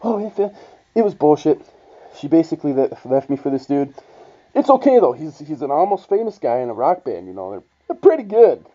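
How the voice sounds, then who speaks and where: Dark-voiced man ranting about a breakup. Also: on the high side, very animated, a little fast. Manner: profane, blunt, rambling with restarts. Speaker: vlogger. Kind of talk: casual storytelling monologue. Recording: dull lo-fi sound.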